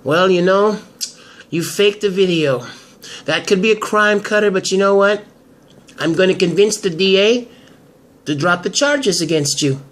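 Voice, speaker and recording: A man playing a sharp, threatening woman lawyer. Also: high-pitched, unhurried, long pauses. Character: sharp, confident woman lawyer, cornering a blackmail target. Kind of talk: amateur soap drama.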